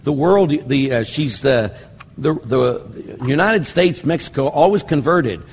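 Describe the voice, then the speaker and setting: A man's voice: medium pitch, lively intonation, unhurried, breathy edge, long reverb tail. An older man, a priest, giving a rambling, conversational teaching talk on prayer, full of fillers and asides.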